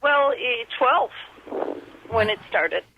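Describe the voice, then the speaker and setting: A middle-aged woman from Upper Michigan phones in with a long encounter story, told slowly, earnestly, and with frequent restarts. Her voice is expressive and on the high side, and the phone line has slight background noise.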